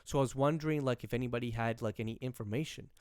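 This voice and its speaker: A man's voice: mid-range voice, very fast, a little mellow, clean tone, dry recording, studio quality. A young man co-hosting a podcast, telling a rambling story in casual chat and acting out the people in it. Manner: rambling, restarts, acts out quoted people. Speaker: podcast co-host.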